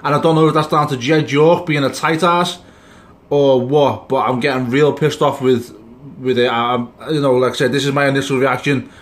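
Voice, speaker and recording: A man's voice: mid-range voice, fairly even intonation, moderate pace. A man ranting angrily about his football team in a reaction video, swearing and rambling as he vents his frustration. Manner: angry, swearing, rambling rant. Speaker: sports fan vlogger.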